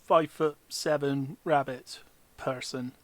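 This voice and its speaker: Running a tabletop game as dungeon master, a man chats casually and tells jokey, rambling stories between turns. His medium-pitched voice is slow and steady in tone.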